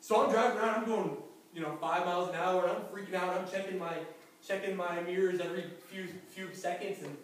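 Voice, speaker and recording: High-voiced man preaching in echoey church. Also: fairly quick. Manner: lively anecdotal storytelling with chuckles. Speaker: pastor. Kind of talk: sermon storytelling. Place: church sanctuary. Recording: very echoey church hall from far off, faint noise.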